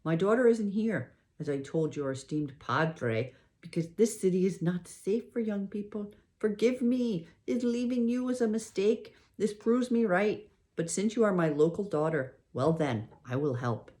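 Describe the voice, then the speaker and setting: A woman reading aloud, voicing a kindly middle-aged cafe owner who speaks gently and earnestly. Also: medium pitch, expressive, measured pace, few pauses, pitched above the performer's own voice, lightly acted. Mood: reassuring.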